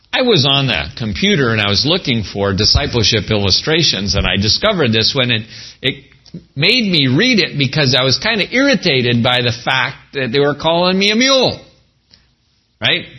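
A man preaching a sermon as a pastor, animated, with folksy asides. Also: medium pitch, slightly rough, muffled recording.

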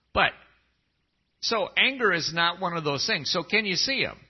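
A man's voice: mid-range voice, gravelly, breathy edge, highs cut off. A pastor giving a conversational sermon and often putting questions to his congregation.

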